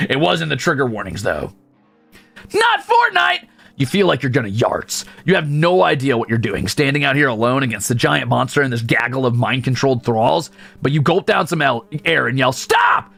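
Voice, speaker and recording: A male streamer reads a story game aloud and breaks off for sarcastic, profane jokes. His voice is gravelly and husky. His pitch swings widely, and faint music plays behind him. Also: a little fast, a bit bright. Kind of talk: game read-through with commentary.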